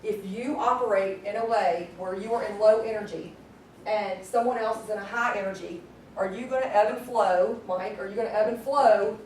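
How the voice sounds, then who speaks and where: A woman leading a live sales training class, energetic and constantly quizzing her audience. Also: medium pitch, moderate pace, a little hiss or hum. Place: meeting room with a group. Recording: echoey room, distant mic.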